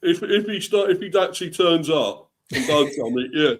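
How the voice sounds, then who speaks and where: A man answering questions as a guest fan of the rival team in casual chat, relaxed and hesitant, with lots of ums. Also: fairly high pitch, brisk.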